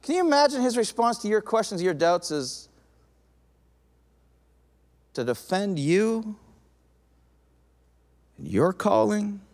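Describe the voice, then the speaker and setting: A man preaching a sermon with an animated delivery, swinging from lively emphasis to a soft, intense tone. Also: high voice, slow, pauses often, long reverb tail. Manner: animated, acts out quoted voices, drops to soft intense tone.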